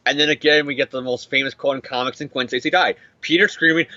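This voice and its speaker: A young man recapping a comic book issue in casual chat, animated and swearing as he acts out the characters. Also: mid-range voice, fast, few pauses, no echo, muffled recording. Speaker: comic podcast co-host.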